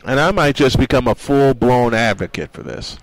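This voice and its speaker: A man's voice: medium pitch, moderate pace, dry recording, rough recording. A man hosting a sports radio show, speaking earnestly in a monologue and reading quotes aloud.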